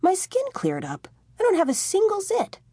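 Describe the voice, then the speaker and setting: A jittery teenage vampire boy, whining and indignant about his new undead life, his voice jumping around excitedly, as a woman narrator puts him on. The audiobook recording is dry and close. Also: fairly high pitch, normal speed, no room sound, pitched above the performer's own voice. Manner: excitable, complaining. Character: nervous nineteen-year-old male newbie vampire, whiny.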